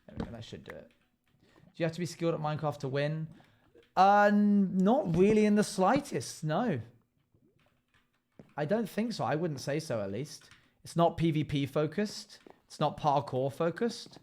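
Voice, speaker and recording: A young man live-streaming, chatting casually as he builds and thinking out loud while he answers chat. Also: a little high, animated, moderate pace.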